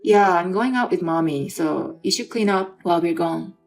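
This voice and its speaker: A woman's voice: fairly low pitch, normal speed, soft background music, close to an everyday voice. A woman voicing a pushy grown son who defers to his mother and dismisses his wife. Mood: demanding. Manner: demanding, dismissive.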